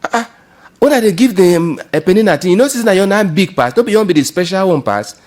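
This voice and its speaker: A man voicing an exasperated husband who scolds his wife loudly, with a Nigerian Pidgin accent. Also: sits high, animated, quick pace, pitched above the performer's own voice.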